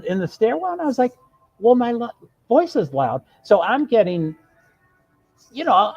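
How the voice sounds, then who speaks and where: A man tells a winding story on his live stream, cutting himself off and slipping into quoted lines. His voice is husky and sits a little high. The stream audio is dull and lo-fi, with faint music underneath. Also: darkish tone. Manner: rambling, self-interrupting, quotes others. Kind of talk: casual storytelling.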